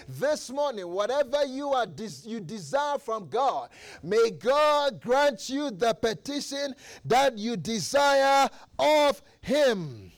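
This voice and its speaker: A man's voice: very high voice, very animated, takes it slowly. A male preacher giving an impassioned sermon, retelling a story with lots of repetition.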